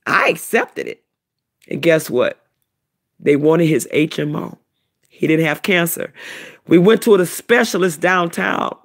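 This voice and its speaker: Middle-aged woman, emotional testimony, gravelly and husky, lively pitch. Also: unhurried, long pauses. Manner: animated, repetitive storytelling. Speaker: vlogger, self-described prophetess.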